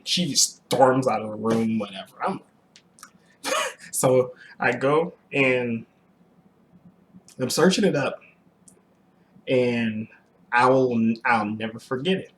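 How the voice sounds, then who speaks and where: A young adult man casually recounting a personal story to the camera, animated, with frequent restarts and throat clearing. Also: medium pitch, takes it slowly, long pauses, slight background noise. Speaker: vlogger telling a personal story.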